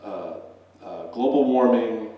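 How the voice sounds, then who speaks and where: A man's voice: on the low side, slow, narrow, tinny audio. A middle-aged man, a professor, gives an earnest, conversational public talk from a stage with frequent fillers. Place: stage in a hall. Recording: echoey hall, voice from a distance.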